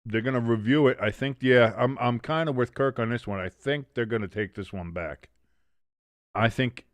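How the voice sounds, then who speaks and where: A man's voice: mid-range voice, normal speed, dry recording. A young man casually commenting on a football game live for a stream, reading chat aloud and swearing freely. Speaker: watch-along streamer.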